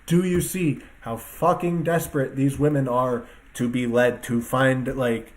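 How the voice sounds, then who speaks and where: A man's voice: mid-range voice, fairly even intonation, a little slow. Profane, rambling male commentator. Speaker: online political commentator. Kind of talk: casual solo rant to viewers. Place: at a computer with two screens.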